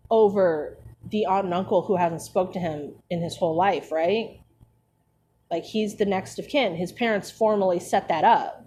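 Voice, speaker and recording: A woman's voice: mid-range voice, darkish tone. A young woman with a mid-range voice riffs sarcastically on a book she is reading aloud. She swears freely and leans on fillers as she talks. A faint background hiss sits under the voice. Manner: sarcastic, profane asides, frequent fillers. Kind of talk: casual commentary while reading aloud.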